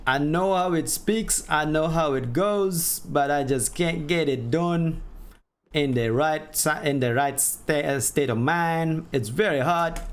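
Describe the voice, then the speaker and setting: A man streaming a game and chatting casually with his audience, self-deprecating and quick to laugh. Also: fairly high pitch. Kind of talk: casual gameplay chat.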